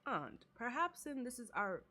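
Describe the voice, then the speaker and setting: A woman's voice: fairly high pitch, sing-song, moderate pace, pushed and bright. Playful, profane woman streamer. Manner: playful, profane, laughing asides. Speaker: gamer streamer. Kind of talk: casual gameplay commentary.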